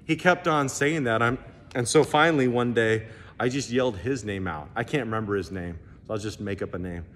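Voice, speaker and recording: In an echoey church hall with faint ambience, an American male pastor delivers a sermon at a fairly quick pace. His voice is medium in pitch, and there's slight background noise. He tells stories animatedly and acts out the dialogue.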